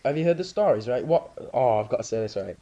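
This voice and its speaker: A man's voice: mid-range voice, expressive, fast, mellow, muffled recording. A man chatting casually about films, rambling through anecdotes.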